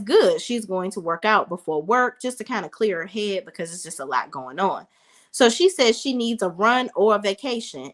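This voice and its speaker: A woman's voice: medium pitch, a bit bright. A woman in her thirties giving a chatty, casual recap of a reality TV episode, talking straight to her viewers. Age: 30s. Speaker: reality TV reviewer.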